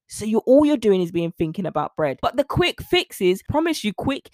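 A woman hosting a solo podcast, chatty and animated, acting out little scenes as she talks. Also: medium pitch, moderate pace, few pauses, no echo, studio quality. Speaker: podcast host.

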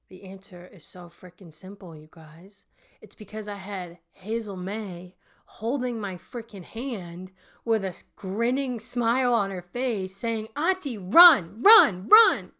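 Slow-talking earnest woman podcaster. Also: medium pitch. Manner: earnest, addresses listeners directly as "you guys". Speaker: podcast host and healing coach. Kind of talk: personal storytelling monologue.

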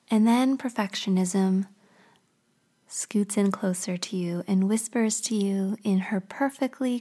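Mellow-voiced woman telling a guided story. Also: medium pitch. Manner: vivid, often half-whispered. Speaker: creativity speaker.

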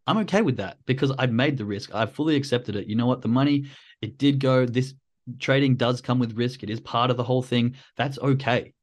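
A man giving a casual coaching talk on trading, acting out his own inner questions in a loose, conversational way. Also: mid-range voice.

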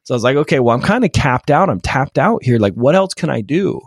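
A man's voice: medium pitch, very animated, quick pace, husky, dry recording, clean studio sound. A man in his thirties, a podcast guest telling an emotional personal story with many repeated false starts. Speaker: podcast guest, real estate investor.

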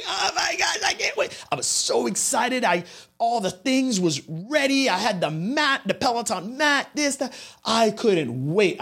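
A man hosting a podcast, telling a story in a monologue and talking straight to his listeners. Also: high voice. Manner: animated storytelling, addresses listeners directly. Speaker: podcast host.

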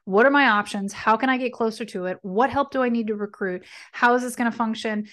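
A woman hosting a tarot reading, speaking in an animated, encouraging way and often checking in with her listeners. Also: fairly high pitch, a little fast. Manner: animated, encouraging, checks in with frequent "right?" and "okay?"; speaks affirmations with conviction. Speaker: tarot reader and podcast host. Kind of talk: casual spiritual guidance talk.

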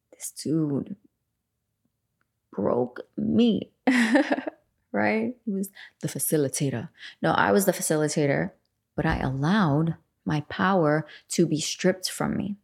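A woman's voice: fairly low pitch, creaky, breathy edge. A woman in her forties hosting a self-help podcast, talking candidly in a rambling, casual way and swearing freely. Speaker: podcast host. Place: home room facing a lake.

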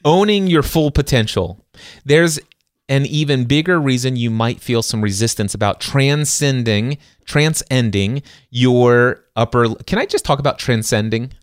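An earnest middle-aged man talks casually through a self-help book, asking rhetorical questions and restarting his sentences as he thinks aloud. His voice sits at an ordinary male pitch. The recording is dry and close, with no room echo. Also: a little slow. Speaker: podcast co-host reviewing a self-help book. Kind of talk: casual faith-based self-help discussion.

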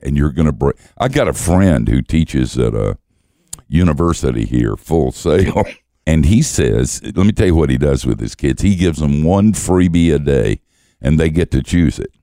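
A man's voice: rumbling low, animated, normal speed, mellow, no room sound, clean studio sound. An older man, a guest teacher, telling stories in conversation with wry, self-mocking humor and frequent chuckles. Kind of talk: storytelling conversation.

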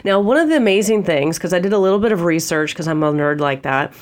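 A woman's voice: lowish voice, animated, fast talker. Nasal woman with a head cold. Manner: chatty, frequent "okay?" check-ins, laughs easily. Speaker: podcast host. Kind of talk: off-the-cuff spiritual podcast monologue.

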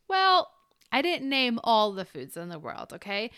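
Podcast host, woman, smooth clear voice, upbeat coaching chat, dry close mic. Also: fairly high pitch, big pitch swings, measured pace, a bit bright, no echo. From Ukrainian family. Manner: chatty and encouraging, talks straight to the listener. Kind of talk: solo podcast monologue.

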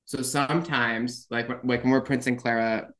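A man's voice: mid-range voice, steady tone, moderate pace, fairly bright tone. Matter-of-fact man ballet dancer. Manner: matter-of-fact, explains scheduling details. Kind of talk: casual conversation.

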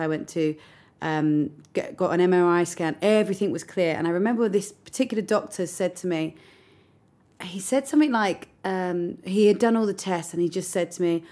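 Lowish-voiced woman, candid and reflective. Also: a little mellow. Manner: reflective and open, close to tears at times. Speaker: guest recounting a hard period. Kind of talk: candid personal storytelling.

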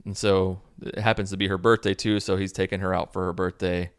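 A man casually recapping a movie in a sarcastic, deadpan way, swearing freely. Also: low-pitched, fairly quick, smooth. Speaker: video host recapping a movie.

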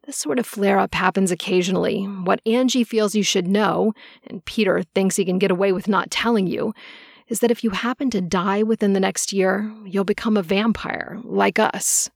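A grumbling, impatient vampire man, as a woman narrator voices him. Gravelly and dry up close. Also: medium pitch, fairly even intonation, moderate pace, no room sound. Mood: gruff. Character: gruff, impatient male vampire.

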